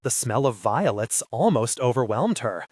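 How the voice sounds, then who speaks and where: A man reading an audiobook as its narrator, in a steady, measured storytelling voice. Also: mid-range voice, slightly rough, no echo, clean studio sound. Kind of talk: scripted narration.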